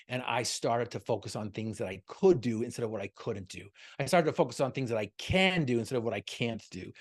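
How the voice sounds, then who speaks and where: A man giving a motivational talk over a video call, telling a story and firing off repeated rhetorical questions. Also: mid-range voice. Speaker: motivational speaker guest.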